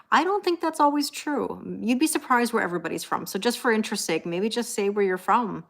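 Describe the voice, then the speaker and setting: A woman's voice: medium pitch, quick pace, creaky, hardly any pauses. Chatty woman on a live stream. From Canada. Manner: chatty, laughs often, reads viewer comments aloud. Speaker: tarot reader. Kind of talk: casual live-stream chat.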